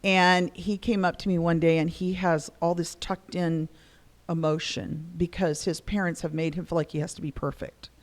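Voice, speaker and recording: A middle-aged woman telling stories in a casual conversation, lively and acting out the voices she quotes. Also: lowish voice, normal speed. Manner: animated, acts out quoted voices. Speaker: guest discussing spirituality.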